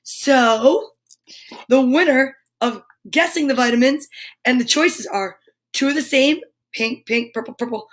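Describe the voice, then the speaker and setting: A woman's voice: high voice, unhurried. A middle-aged woman hosting a live kids' show, chatting with viewers in a bubbly, playful and silly way. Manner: chatty, addresses viewers directly. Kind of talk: live-stream chat with viewers' comments.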